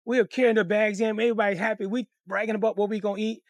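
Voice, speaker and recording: A man telling a comic personal story in a profane, animated, conversational way. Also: high-pitched, rapid-fire, no room sound.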